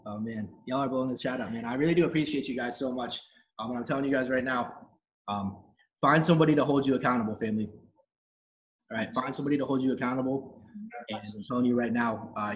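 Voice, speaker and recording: A man's voice: mid-range voice, a bit bright, poor audio. A man hosting a live online training call, giving an emphatic, repetitive motivational talk in slangy, casual speech. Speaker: host of a team training call.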